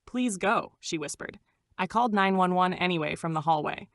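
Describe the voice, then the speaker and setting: Female storyteller, low register, dramatic scripted first-person narration. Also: brisk, no room sound, studio quality. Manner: dramatic, suspenseful.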